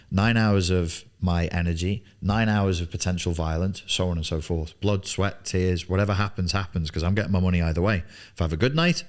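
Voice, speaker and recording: A man in his forties coaching on business in a blunt, emphatic studio monologue, swearing freely and repeating words for emphasis. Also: sits low. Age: 40s. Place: television studio.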